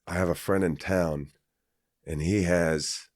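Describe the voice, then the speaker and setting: A man's voice: sits low, steady tone, takes it slowly, no echo, studio quality. A man from Kansas, a podcast guest, telling a personal story in a rambling, casual way with many fillers and restarts.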